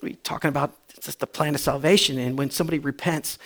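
A man preaching a sermon as pastor, animated, with repetition and acted-out voices. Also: fairly high pitch, quick pace.

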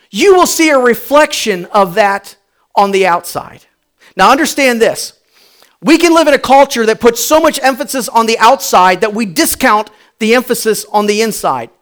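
A man preaching a sermon as pastor, animated, with repetition and acted-out voices. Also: extremely high pitch, normal speed.

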